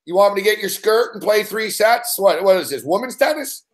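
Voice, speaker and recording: A man's voice: high-pitched, lively intonation, a little fast. A man hosting, teasing his co-host with profane, laughing banter. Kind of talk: casual banter.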